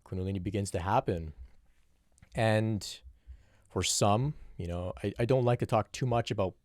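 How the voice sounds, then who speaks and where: A man with a deep, low-pitched voice answers viewer questions on his own, talking in a reflective, unhurried way. He often restarts his sentences and drops in "you know" as he thinks aloud. The recording is dry and close, with no room sound. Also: a little mellow, dry recording. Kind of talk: solo Q&A monologue.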